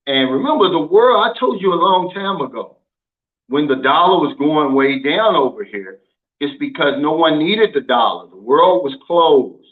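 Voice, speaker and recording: A folksy American man talks casually to his viewers and answers their comments. His voice sits a bit high for a man. The audio is thin and narrow, like a phone line. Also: expressive, moderate pace. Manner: folksy and emphatic, often says "man". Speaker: channel host. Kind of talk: casual vlog talk, reading viewer comments.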